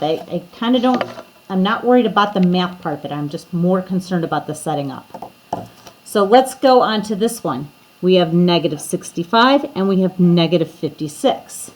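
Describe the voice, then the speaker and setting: A woman's voice: fairly low pitch, animated, normal speed, low-quality recording. A woman teacher explaining math steps to her students in a recorded lesson, talking to them directly.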